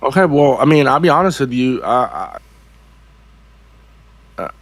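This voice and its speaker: A man co-hosting a livestream, talking in a halting, rambling way. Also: mid-range voice, very animated, slightly rough, dry recording. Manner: halting, rambling, with false starts. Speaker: co-host of a livestream show. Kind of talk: casual livestream chat.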